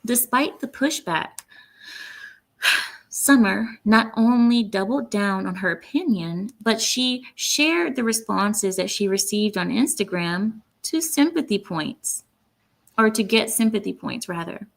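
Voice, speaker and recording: A woman with a creaky, expressive, medium-pitched voice speaks slowly while hosting her own commentary channel. Her solo opinions come out blunt and indignant, and she often stops to read quotes aloud.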